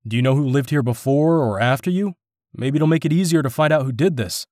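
A man voicing a middle-aged small-town constable who speaks in slow, veiled threats. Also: mid-range voice, a little mellow, no room sound, clean studio sound, close to an everyday voice. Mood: menacing.

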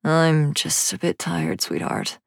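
A woman voicing a tall, affectionate father who speaks in a low, easy, gently amused way in a storybook reading. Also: big pitch swings, takes it slowly, gravelly, no echo, studio quality, exaggerated voice. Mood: fond.

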